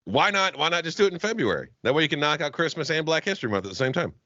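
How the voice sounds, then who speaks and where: Very animated and very fast, this Southern US man's slightly high voice comes across pushed and bright. Co-hosting a podcast, he chats casually, cursing, joking and laughing often, in a muffled recording without echo.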